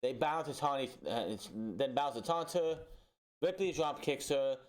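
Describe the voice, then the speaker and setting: A man's voice: medium pitch, normal speed. A man reviewing a wrestling show in a casual, exasperated, sarcastic rant full of restarts.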